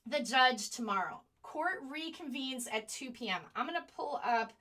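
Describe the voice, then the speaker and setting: A woman with a bright, clear voice hosts a live online stream. She talks straight to her viewers, indignant one moment and apologetic the next as she hunts for links on a slow computer. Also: high voice. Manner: animated, indignant. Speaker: online show host.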